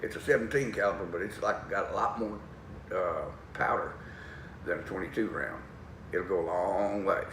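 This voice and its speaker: A man telling a folksy story, animated and laughing as he goes. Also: low voice, moderate pace. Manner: lively, animated, laughs through his story. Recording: echoey room, distant mic, faint noise.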